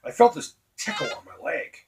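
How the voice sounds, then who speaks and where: A man's voice: normal speed, music in the background. A middle-aged man from Boston with a Boston accent, telling a long profane story while playing a retro video game, full of fillers and asides. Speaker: retro gaming host. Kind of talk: casual gameplay commentary.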